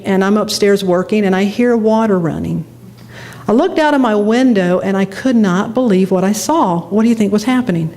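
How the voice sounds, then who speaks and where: Speaking at a medium pitch, a middle-aged female minister shares a personal anecdote during her sermon, lively in delivery and chuckling at her own expense.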